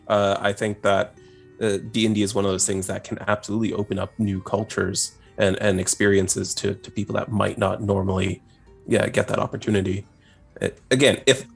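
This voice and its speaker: Guest from Canada, casual interview chat. Low, husky and gravelly voice, easygoing and agreeable, with faint music in the background. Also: male voice. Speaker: guest game master.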